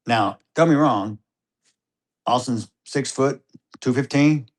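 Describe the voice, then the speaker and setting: A middle-aged father telling a personal story in an interview, animated, moving between hushed tones and loud excitement. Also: mid-range voice, takes it slowly. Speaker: grieving father being interviewed.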